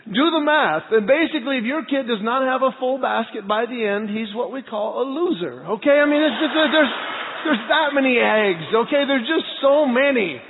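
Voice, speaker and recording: A middle-aged man, a pastor, preaching a sermon and telling personal stories in a lively, earnest way. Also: extremely high pitch, moderate pace. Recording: tinny phone-like sound with long hall reverb.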